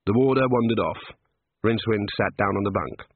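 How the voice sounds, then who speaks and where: Husky man narrating an audiobook. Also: on the low side, a little fast, no echo. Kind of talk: comic fantasy audiobook narration. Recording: narrow phone-like band.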